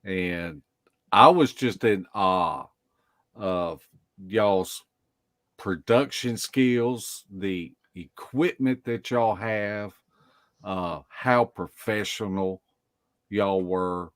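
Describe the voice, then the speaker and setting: A man co-hosting a livestream, speaking slowly and courteously. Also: low-pitched, fairly bright tone, no room sound, clean studio sound. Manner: slow, courteous, formal thanks. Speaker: co-host. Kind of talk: livestream chat.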